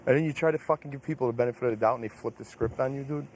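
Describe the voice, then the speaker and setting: A young man vents at a rapid clip, blunt and full of profanity. His voice sits mid-range for a man. A faint house noise runs under his lapel mic. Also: mid-range voice, crowd noise, rough recording. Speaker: reality show contestant. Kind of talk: casual venting. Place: indoor house.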